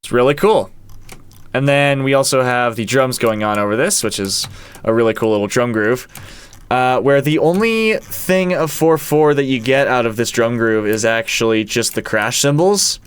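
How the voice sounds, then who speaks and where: A man's voice: medium pitch, normal speed, clear, resonant tone, faint music behind. A man who is a band's producer and guitarist, casually walking through how a song was made and counting out its beats aloud. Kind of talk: casual walkthrough of a song's production.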